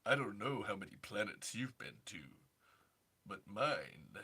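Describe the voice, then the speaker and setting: A man doing a comic impression of a suave, flamboyant older gentleman who speaks in a slow, campy drawl. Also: fairly low pitch, sing-song, slight background noise, voice pushed down, exaggerated voice.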